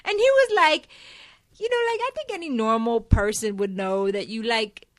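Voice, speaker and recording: A woman's voice: a little high, moderate pace, no echo. Chatty woman recapping soaps, dry sound. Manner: chatty, animated, full of fillers and laughs. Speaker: soap opera recap host. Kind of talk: casual chat.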